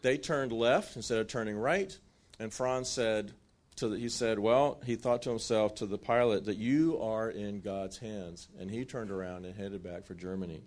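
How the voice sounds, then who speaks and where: A man telling a wartime story in a sermon, with lively acted-out asides and frequent restarts. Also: on the low side, normal speed.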